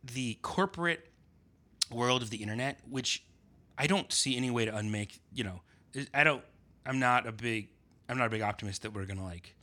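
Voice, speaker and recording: A man talking casually in a conversation, pausing often with fillers and restarts. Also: mid-range voice, sharp tone. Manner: halting, many fillers and restarts. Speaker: writer and podcast guest.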